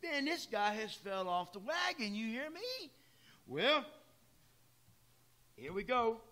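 A man's voice: very high voice, very animated, slow pace, pushed and bright. A man preaching a sermon in plain, emphatic words, talking straight to his congregation. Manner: emphatic, plain-spoken, addresses the congregation directly. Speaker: pastor. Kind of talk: sermon with folksy asides. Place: church.

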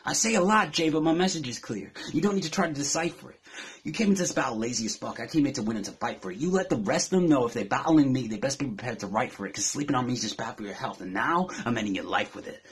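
Fast-rapping husky-voiced man. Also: mid-range voice, expressive. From England. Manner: aggressive taunting insults. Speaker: battle rapper. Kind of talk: battle rap verse.

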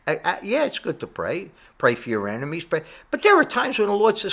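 A man's voice: sits high, huge pitch swings, a little fast, few pauses, a bit bright, slightly rough. A man preaching a sermon, emphatic and full of rhetorical questions, repeating his points.

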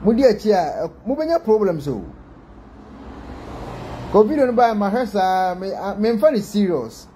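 A man with a Ghanaian accent, giving excitable casual commentary to his viewers, switching between Twi and English. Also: high voice, normal speed, long pauses, slight background noise. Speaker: vlogger.

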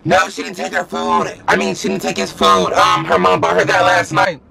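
A man voicing a teenage schoolgirl who quickly denies that her friend did anything wrong. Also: lowish voice, little pitch movement, vocal fry, crowd noise. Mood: defensive.

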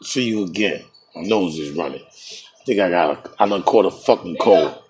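A man with a low, slightly mellow and somewhat rough voice streams a game at a moderate pace. He trades profane, boastful trash talk and breaks into laughter at his own jokes.

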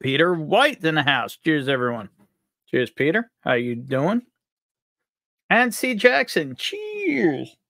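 A cheerful man from upstate New York hosts a live stream, joking around as he greets viewers. His voice sits a touch high and swings up and down with lots of life. The sound is dry, with no room echo. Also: big pitch swings, a little slow, long pauses, a bit bright. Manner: upbeat, jokey, reads out chat names. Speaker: livestream host.

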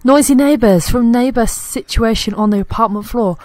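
Over faint game music, a young woman who makes gaming YouTube videos offers casual Let's Play commentary on her life-sim game, giggling and addressing her characters. Her voice is a little high and a little mellow, at a moderate pace. The desktop USB mic gives a dry recording.

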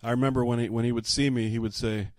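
A man in casual family conversation, speaking in a halting way with restarts. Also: mid-range voice, flat delivery, no room sound, clean studio sound. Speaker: pastor.

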